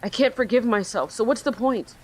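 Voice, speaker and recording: A woman's voice: a little high, brisk, a little mellow, husky. A woman doing a despairing teenage boy. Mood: hopeless. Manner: pleading, broken-up, tearful. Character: distraught sixteen-year-old boy. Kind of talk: reading game dialogue aloud.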